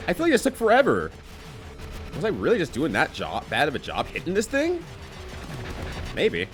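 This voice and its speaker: A man's voice: fairly high pitch, wildly swooping pitch, normal speed, a bit bright, faint music behind. A man chatting casually with his viewers while playing a game, laughing often. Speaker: streamer. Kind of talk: casual gameplay commentary.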